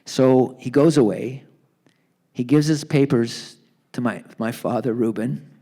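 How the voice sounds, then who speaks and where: Animated male storyteller on stage. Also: mid-range voice, a little slow. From Canada. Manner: animated storyteller acting out quoted voices. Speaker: author being interviewed. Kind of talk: live onstage book talk. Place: theatre stage.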